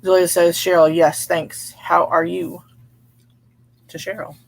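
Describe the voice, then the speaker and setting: A woman hosting a relaxed livestream, chatting with viewers, laughing often and reading their comments aloud. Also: on the low side, takes it slowly, creaky. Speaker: livestream host reading chat. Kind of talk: casual live chat.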